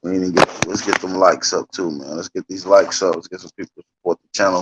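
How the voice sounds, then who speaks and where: Deep-voiced man hosting a livestream. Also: fairly even intonation, fast talker, very noisy. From United States. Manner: loose and repetitive, calling out to viewers with frequent "man". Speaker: livestream host. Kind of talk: casual livestream chat.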